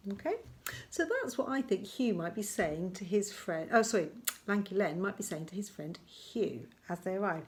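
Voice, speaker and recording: Woman, primary teacher, remote lesson for small children: gentle, encouraging, middle pitch, slows down to dictate as she writes. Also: lively intonation. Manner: gentle and encouraging, slowing to dictate words while writing.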